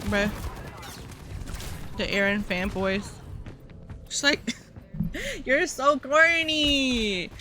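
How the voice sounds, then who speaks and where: A woman's voice: mid-range voice, noisy background. A young woman streamer chatting casually, filling her talk with "like" and swearing freely. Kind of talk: casual livestream chat.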